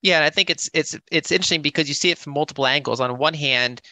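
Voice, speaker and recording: Hesitant man on a panel, bright voice. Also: fairly high pitch, quick pace, no echo. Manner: hesitant, many restarts and fillers. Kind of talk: conference panel discussion.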